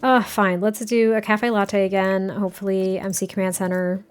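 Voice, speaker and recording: Narrating a life-sim game in let's-play fashion, this woman talks at normal speed in a clear, resonant mid-range voice with level intonation. She chats and giggles, drifting off topic and starting sentences over.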